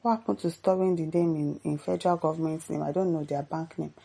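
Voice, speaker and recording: A woman's voice: deep voice, steady tone, fast, creaky, dark tone, breathy edge. A Nigerian woman giving sarcastic, scolding commentary and reading viewer comments aloud. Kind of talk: casual reaction commentary.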